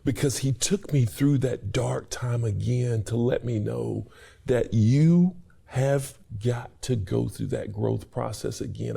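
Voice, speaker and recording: A gravelly, husky yet mellow medium-pitched voice belongs to a middle-aged man who takes his time. As a university staff member interviewed about his life, he offers an earnest, preacherly testimony, echoing words as his feeling builds.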